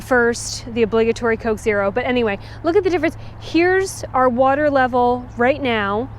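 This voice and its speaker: A woman narrating a casual travel vlog in a chatty, breezy way, with the odd casual swear. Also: a little high. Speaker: travel vlogger.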